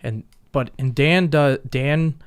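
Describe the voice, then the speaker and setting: A man's voice: medium pitch, slow pace, clear, resonant tone. Laughing man telling team anecdotes. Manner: animated anecdotes, laughs often. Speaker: podcast guest. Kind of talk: casual storytelling.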